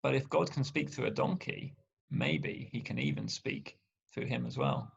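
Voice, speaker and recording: A man's voice: medium pitch, sing-song, normal speed, creaky, breathy edge. A man preaching a sermon in a conversational storytelling way, with wry asides. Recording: dull lo-fi sound.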